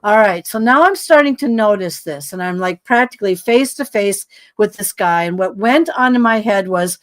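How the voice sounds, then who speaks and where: A woman's voice: mid-range voice, animated, moderate pace. A woman guest telling a story in casual conversation, acting out dialogue with lots of fillers and sounding tired. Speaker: podcast guest.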